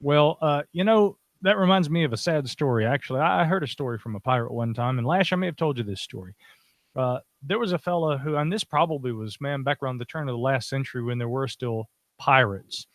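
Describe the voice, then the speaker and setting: A man's voice: medium pitch, animated, fairly quick, no room sound. A man hosting a casual podcast chat, joking and telling stories with lots of fillers. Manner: jokey, storytelling with many fillers. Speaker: podcast host.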